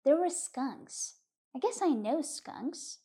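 A woman voicing Nick, a shy young boy who is easily teased, in a gentle audiobook reading. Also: sits high, sing-song, takes it slowly, exaggerated voice. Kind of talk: audiobook reading of a short story.

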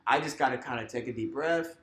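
A man who works as a teacher talks casually on a podcast, leaning on "like" and "you know" as he goes. His voice sits in a middle pitch, and the room around him rings with echo. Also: fast talker. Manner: relaxed, filler-heavy, acts out classroom voices. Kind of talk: casual conversational chat.

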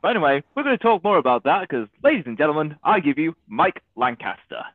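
A man's voice: fairly high pitch, very animated, fast, no room sound, narrow, tinny audio. A man hosting a casual podcast, upbeat, with short reactions and plain questions. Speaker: podcast host.

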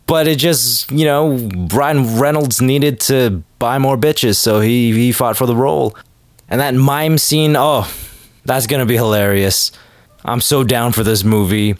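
A man's voice: medium pitch, normal speed, no echo, clean studio sound. Rambling self-mocking man hosting a podcast. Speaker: podcast host. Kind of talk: comedic podcast monologue.

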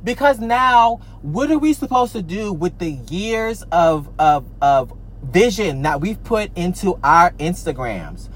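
High-voiced man on a heated, profane rant. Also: animated, a little slow, a bit bright. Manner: heated, profane, repetitive rant with many restarts; trails off with "I don't know" and stammers. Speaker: artist and social media creator. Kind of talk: ranting vlog.

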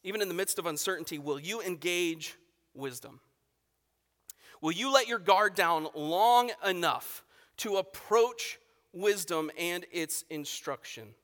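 High, bright-voiced preacher in a reverberant hall. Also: male voice, lively intonation, a little slow. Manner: emphatic preaching with dramatic swings in volume. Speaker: pastor. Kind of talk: sermon. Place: church sanctuary. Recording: long reverb of a church hall.

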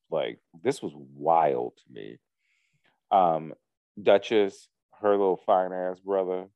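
A man casually recapping a reality show to a co-host, telling the story with lively quoted asides. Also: deep voice, no echo, lo-fi sound. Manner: animated storytelling with profanity, acts out quotes.

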